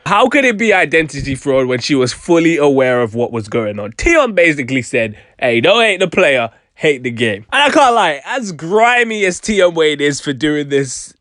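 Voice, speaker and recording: Animated joking male commentator. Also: a little high, moderate pace, hardly any pauses, dry recording, studio quality. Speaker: vlog host. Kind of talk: commentary vlog.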